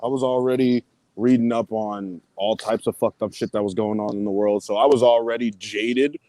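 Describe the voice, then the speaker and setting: A man in casual chat, telling his story in an animated, profane way. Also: on the low side, normal speed, no echo.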